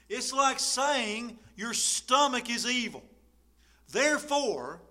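A man preaching a sermon, lively and animated, acting out the people he quotes. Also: sits high, unhurried. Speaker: pastor.

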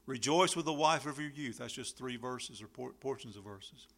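A man preaching a sermon, lively and animated, acting out the people he quotes. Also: medium pitch, moderate pace. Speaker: pastor.

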